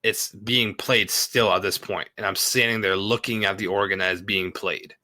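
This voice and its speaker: Profane, forceful man telling a story. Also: lowish voice, normal speed, no echo. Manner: profane, filler-heavy, animated retelling. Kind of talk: casual storytelling.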